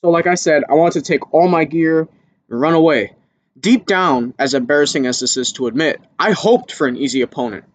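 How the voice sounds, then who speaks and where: Against a little hiss or hum, an amateur boxer talks briskly to camera, sharing a candid, casual story with free swearing. Reliving his panic pushes his voice higher and louder.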